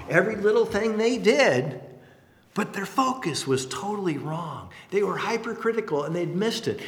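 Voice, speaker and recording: Animated preacher man in an echoey hall. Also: high voice. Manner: animated, conversational, playful asides. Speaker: pastor. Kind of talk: sermon.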